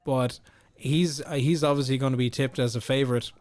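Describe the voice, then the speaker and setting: A man's voice: medium pitch, fairly even intonation, fairly quick, darkish tone. A man hosting a podcast, chatting casually and rambling with lots of filler words. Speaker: podcast host. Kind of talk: casual interview chat.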